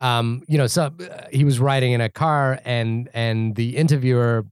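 Man, from India, podcast host, film chat, animated, many restarts, dry sound. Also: medium pitch, moderate pace, clean tone, no echo. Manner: animated, thinks aloud with many restarts and fillers. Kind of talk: casual film discussion.

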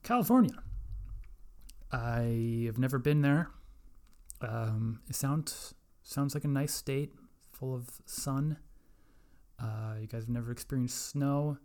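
A man's voice: mid-range voice, fairly even intonation, slow, dark tone. A young man hosting a casual solo podcast, rambling, profane and self-mocking. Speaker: podcast host.

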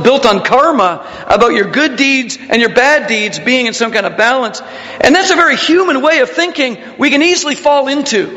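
A man's voice: very high voice, bright, forceful tone, big-room sound. A male pastor preaching a conversational sermon, asking the congregation questions and telling stories.

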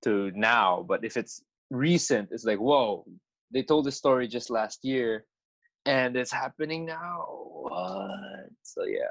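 A man's voice: medium pitch, slow, no room sound. Playful male guest, dry close sound. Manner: joking, playful, animated. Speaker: guest artist. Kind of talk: casual podcast chat. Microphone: video call setup.

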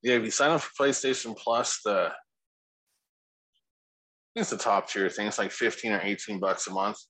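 A man's voice: lowish voice, normal speed, fairly bright tone, no echo, poor audio. A man co-hosting a casual podcast, laid-back and rambling, swearing freely. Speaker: podcast co-host.

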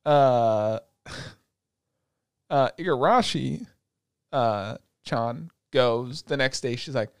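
A young man in casual chat, retelling anime episodes with lots of swearing, and slipping into quick put-on voices for the characters. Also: mid-range voice, clear, resonant tone, no room sound, clean studio sound. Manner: profane, animated storytelling with quick put-on voices. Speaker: podcast co-host recapping an anime.

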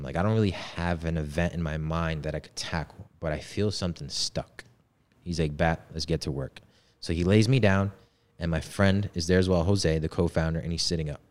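A man in his twenties telling a personal story in casual, slangy talk. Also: low-pitched. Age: 20s. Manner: laid-back slangy talk. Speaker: podcast guest.

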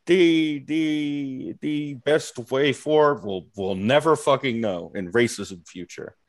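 A man in casual chat, talking haltingly with many fillers and casual swearing. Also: medium pitch.

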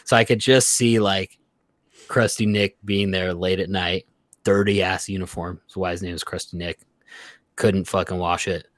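A man telling workplace stories in a casual, profane, animated way. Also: sits low, normal speed, dry recording. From Reno area, Nevada. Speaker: podcast guest. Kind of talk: casual storytelling.

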